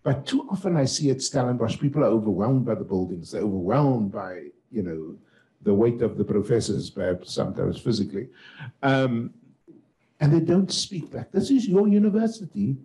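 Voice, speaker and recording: Gravelly-voiced man on a panel, deep and dark. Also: animated, normal speed, poor audio. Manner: forceful, rising to emphatic outbursts. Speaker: panelist, professor. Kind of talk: panel discussion.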